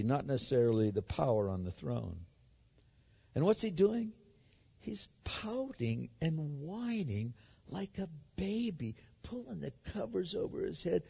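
A male pastor preaches with emphatic, animated delivery, his voice sitting fairly high and ranging widely. The sound is muffled and dull. A long hall echo trails every phrase. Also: vocal fry. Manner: animated, emphatic, acts out the scripture. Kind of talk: sermon.

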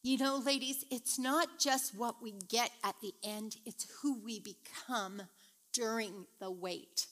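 Middle-aged lady teaching bible study to women, chatty and lively, bright higher voice. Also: a little slow. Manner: chatty and animated, retelling stories with voices. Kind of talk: casual devotional teaching.

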